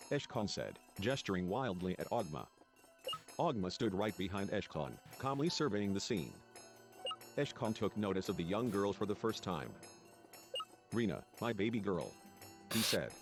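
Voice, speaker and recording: A man reading game dialogue and narration aloud in a let's play. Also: fairly low pitch.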